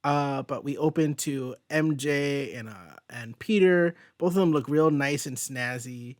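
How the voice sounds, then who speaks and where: A man's voice: medium pitch, measured pace, no room sound, clean studio sound. A man hosting a casual comic book review chat, rambling and thinking aloud as he goes. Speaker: host.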